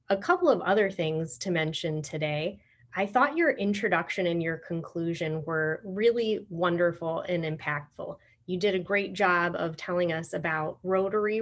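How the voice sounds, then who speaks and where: A woman evaluating a speech at a club meeting, giving measured, encouraging feedback over a video call. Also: lowish voice.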